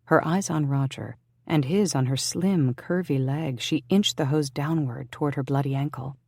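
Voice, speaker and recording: An audiobook narrator reading a historical romance in an even, measured way. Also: mid-range voice, gravelly, no room sound.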